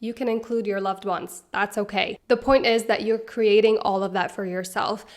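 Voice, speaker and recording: A woman's voice: medium pitch, fairly even intonation, moderate pace. A young woman in her twenties giving casual self-help advice to camera, chatty and upbeat, laughing often. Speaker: self-help video creator.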